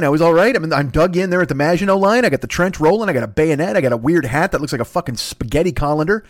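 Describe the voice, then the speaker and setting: A man's voice: on the high side, lively intonation, very fast, few pauses, dry recording, clean studio sound. A man hosting a podcast, delivering a rambling, profane, self-mocking comedic rant. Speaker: podcast host.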